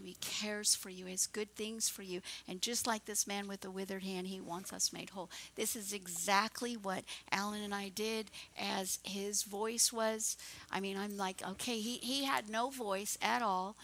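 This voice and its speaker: A woman's voice: medium pitch, fairly even intonation, measured pace, fairly bright tone, slight background noise. A woman pastor preaching a fervent, encouraging sermon.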